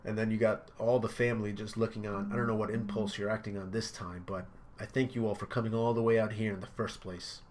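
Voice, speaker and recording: A man hosting a casual reaction video, describing comic panels with excitement and shouted sound effects. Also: on the low side, quick pace, a little hiss or hum. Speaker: manga reaction video host.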